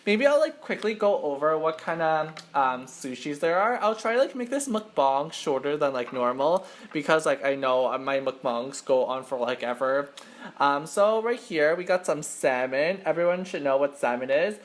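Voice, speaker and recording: A man's voice: on the high side, animated, moderate pace. Young male mukbang host, chatty and rambling, filler-heavy casual delivery. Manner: self-conscious, admits to nervousness. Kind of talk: casual eating-show chat to camera.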